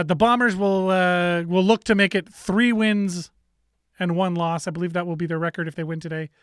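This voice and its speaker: A man's voice: sits high, pushed and bright, clean tone, dry recording, studio quality. A man hosting a casual sports talk show, rambling and self-correcting with easy laughs. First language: bilingual in French.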